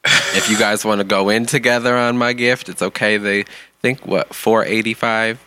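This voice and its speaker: Co-host, male, bright forceful tone, teasing and sassy. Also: on the low side, steady tone, normal speed, low-quality recording. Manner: playful, teasing, sassy, laughs often. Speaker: podcast co-host. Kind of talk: casual podcast chat.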